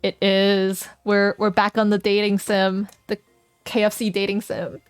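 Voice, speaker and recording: A woman's voice: mid-range voice, completely flat delivery, a little slow, clean tone, no room sound, soft background music. Playful woman streamer narrating a game. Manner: playful, laughs often, reads game text aloud.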